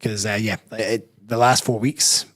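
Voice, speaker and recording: A man's voice: lowish voice, steady tone, measured pace, a bit bright. A man with a Scottish accent, a personal trainer talking as a guest in a casual interview, reflective and rambling, often correcting himself mid-sentence. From Scotland.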